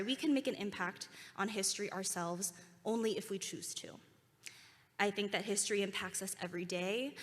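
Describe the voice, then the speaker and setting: A woman's voice: mid-range voice, a bit bright. A young woman giving a heartfelt ceremony speech in a school auditorium. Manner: earnest and heartfelt, leads a call-and-response. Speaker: alumni keynote speaker. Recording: reverberant hall.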